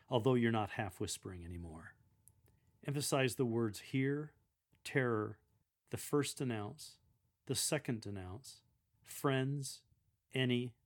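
A man giving measured, deliberate instruction on how to proclaim a scripture reading aloud, speaking clearly as a lector coach. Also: mid-range voice.

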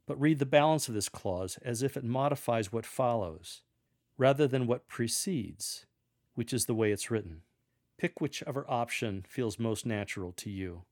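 A man giving measured, earnest instruction on how to read scripture aloud to a congregation. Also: mid-range voice, animated, a little mellow. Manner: measured, earnest, with demonstrated readings. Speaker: lector coach.

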